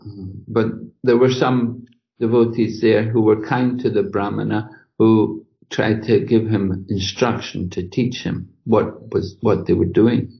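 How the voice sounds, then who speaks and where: Male lecturer, gravelly, halting storyteller, lo-fi recording. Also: lowish voice, fairly even intonation. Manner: halting, repeats words, many "you know". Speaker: scripture class speaker.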